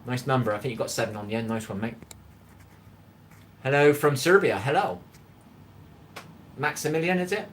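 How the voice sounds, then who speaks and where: A man's voice: mid-range voice, normal speed, pauses often, a bit bright, a little hiss or hum. A middle-aged man from England with a Bristol accent, chatting with viewers on a live cooking stream in his home kitchen and reading out their messages. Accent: Bristol English. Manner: chatty, greets viewers by name, reads out chat.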